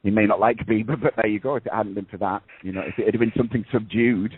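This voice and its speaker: A man co-hosting a talk show with a low, husky voice, emphatic but tripping over his words. The sound is dry and narrow, like a phone line. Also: steady tone, fast, no room sound. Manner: emphatic, stammering restarts. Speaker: radio co-host. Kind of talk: casual talk-radio chat.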